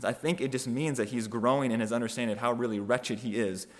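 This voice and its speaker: Male preacher, mid-range voice, reflective sermon delivery with deliberate emphatic pauses. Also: medium pitch, fairly even intonation. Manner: thoughtful, measured, with frequent restarts and emphatic slowing.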